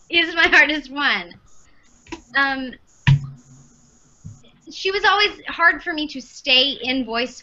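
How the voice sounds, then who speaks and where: Bright high-voiced chatty woman. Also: highs cut off. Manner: chatty, rambling with many fillers. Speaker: voice actress guest. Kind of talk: casual podcast chat.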